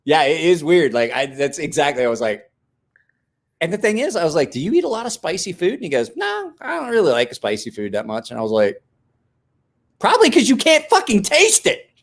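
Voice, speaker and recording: A man's voice: on the high side, very animated, fairly quick, vocal fry. A man in his forties telling a story in casual chat as host, acting out quotes with big jumps and laughs.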